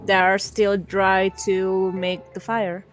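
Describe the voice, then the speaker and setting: A woman's voice: medium pitch, flat delivery, slow pace, loud music behind the voice. A woman playing a tabletop role-playing game, planning things out step by step. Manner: methodical, planning aloud. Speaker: player. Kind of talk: casual tabletop game chat.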